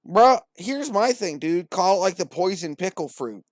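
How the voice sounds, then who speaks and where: A man's voice: high voice, animated, moderate pace, hardly any pauses, no room sound, clean studio sound. A young man hosting a podcast, giving profane, mocking, slangy comedic commentary. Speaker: podcast host.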